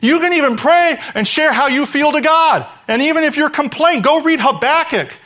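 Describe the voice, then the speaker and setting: A man preaching a sermon to his church, animated, dropping to a hushed voice when he voices a prayer. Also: very high-pitched, moderate pace. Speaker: pastor.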